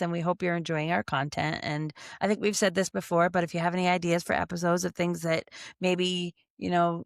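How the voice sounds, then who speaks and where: A middle-aged woman co-hosting a podcast, chatting casually with a gravelly edge of vocal fry. She tells her story by acting out both sides of the conversation. Her voice is close to the mic in a dry, dead room. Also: lowish voice, no room sound. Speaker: podcast co-host. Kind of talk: casual chat.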